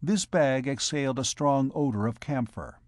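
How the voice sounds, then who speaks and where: A man narrating a classic novel as an audiobook in a steady, even reading. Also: medium pitch, normal speed, no room sound, clean studio sound. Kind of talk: scripted narration.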